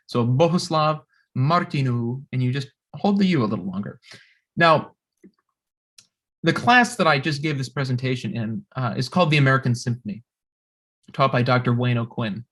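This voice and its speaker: A man's voice: medium pitch, animated, moderate pace, fairly bright tone. A young man, a composer, giving a recorded music history lecture with many fillers and restarts.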